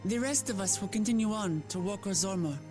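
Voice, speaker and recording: A woman's voice: medium pitch, fairly quick, over music, natural voice. Game heroine: a woman playing a brave young leader, earnest and open. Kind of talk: video game voice acting.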